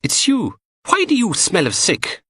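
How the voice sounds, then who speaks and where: A male narrator voicing a punky young female forensic technician who teases in a dry, deadpan way. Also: sits high, unhurried, breathy edge, pitched above the performer's own voice, full character voice. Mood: teasing.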